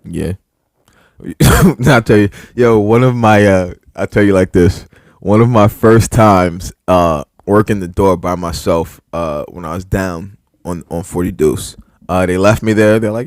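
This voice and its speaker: A young man, co-hosting a podcast and telling stories in a casual, animated way, swearing and getting loud. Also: on the low side, moderate pace, no echo, clean studio sound. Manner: animated, swearing, loud when reliving anger. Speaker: podcast co-host. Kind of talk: casual storytelling chat.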